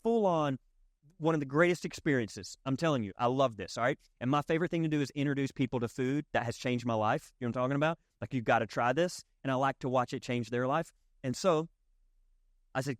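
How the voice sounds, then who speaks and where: A man's voice: brisk, dry recording, clean studio sound. A middle-aged man preaching in a casual, storytelling way, acting out quoted voices and talking straight to his audience with many fillers and asides. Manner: animated, acts out quoted voices with jumps in pitch. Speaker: pastor. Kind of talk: conversational sermon storytelling.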